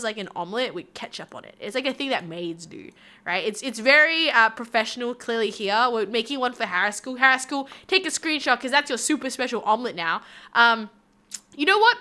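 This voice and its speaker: A woman's voice: high voice, sharp tone. A young woman VTuber chatting playfully with her stream chat while she draws. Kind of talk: casual live-stream chat.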